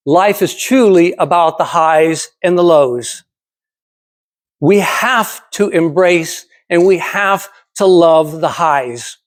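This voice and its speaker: A man in his seventies delivers a prepared motivational speech to a speaking club. His voice sits high for a man. He speaks emphatically, poses rhetorical questions to the audience and hammers his points home through repetition. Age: 70s.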